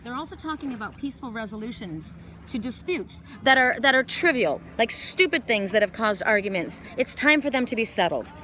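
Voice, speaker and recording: A woman's voice: on the high side, expressive, a little fast, bright, forceful tone, a little hiss or hum. A woman giving a casual oracle card reading outdoors by the water, talking in a rambling way with many restarts. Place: outdoors by water in a wooded glen.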